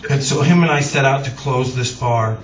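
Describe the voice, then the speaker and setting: A singer-songwriter speaking at a moderate pace in a medium-pitched voice chuckles through a long, self-deprecating, rambling story for a live crowd. He's on stage at a music club, captured in a roomy, dull, distant audience recording with laughter and crowd noise behind him.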